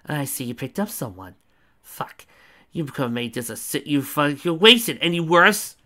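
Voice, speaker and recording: A man reading the lines of a young woman getaway driver who shouts and curses in a panic. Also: a little high, lively intonation, normal speed, voice pushed up. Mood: angry. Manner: shouting, cursing.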